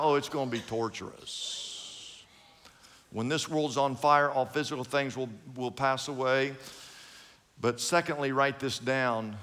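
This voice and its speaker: An older man, a pastor, giving an emphatic, dramatic sermon in a large church, swinging between loud and soft. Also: medium pitch, a little slow, long reverb tail. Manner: emphatic, dramatic preaching with sudden swings in loudness.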